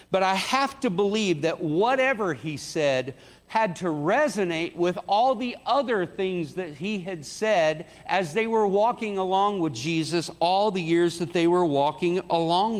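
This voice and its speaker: A man's voice: animated, measured pace. A man preaching a sermon in a conversational way, acting out the quoted lines. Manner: conversational, acts out quotes with rising pitch. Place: church sanctuary. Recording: church hall reverb.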